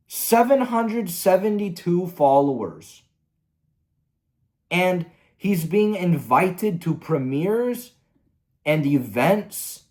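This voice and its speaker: Exasperated man ranting with lively pitch. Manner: angry, profane, exasperated. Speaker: commentary host. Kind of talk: ranting commentary.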